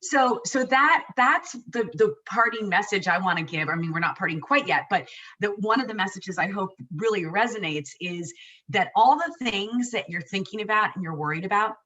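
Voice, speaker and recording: A woman's voice: medium pitch, expressive, moderate pace, bright, forceful tone, distant mic, low-quality recording. A woman in her forties telling her own birth story in casual chat, emotional and rambling with many restarts.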